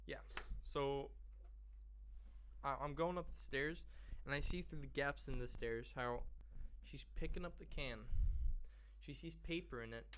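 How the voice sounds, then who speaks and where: A man's voice: medium pitch, measured pace, pauses often, slight background noise. A man hosting a podcast, telling a story in casual chat, swearing and acting out the people in it. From Persian family. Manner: animated, swearing, acts out quotes. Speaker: podcast host.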